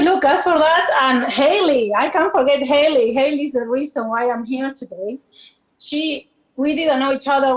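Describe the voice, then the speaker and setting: Emotional woman on a muffled call. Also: a little high. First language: Spanish. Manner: warm, halting, laughs between thanks. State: emotional, close to tears. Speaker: award winner. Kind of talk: emotional acceptance speech. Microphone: video call. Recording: muffled video call audio.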